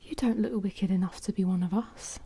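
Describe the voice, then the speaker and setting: A woman's voice: mid-range voice, steady tone, moderate pace, mellow, slightly rough, no echo. A woman voicing the demon's old mother, wary but kindly, in a whispered role-play.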